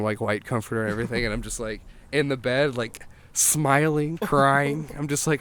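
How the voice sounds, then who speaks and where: A man's voice: medium pitch, fairly quick, clear, resonant tone. Rambling man telling a wild story. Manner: rambling, animated, swearing, acts out quotes. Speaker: guest songwriter. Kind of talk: casual anecdote telling. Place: outdoors.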